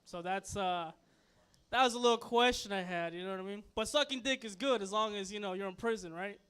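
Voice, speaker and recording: Bright-voiced laid-back stand-up comic. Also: male voice, high-pitched, a little fast, clean tone. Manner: laid-back, repeats "you know what I mean". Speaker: stand-up comedian. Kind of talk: stand-up comedy set. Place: small comedy club, live audience.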